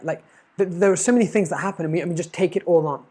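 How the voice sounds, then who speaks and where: A man's voice: high-pitched, rapid-fire, darkish tone. Emphatic man giving life advice. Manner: earnest, emphatic, with stammered restarts. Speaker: life coach. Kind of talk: motivational monologue.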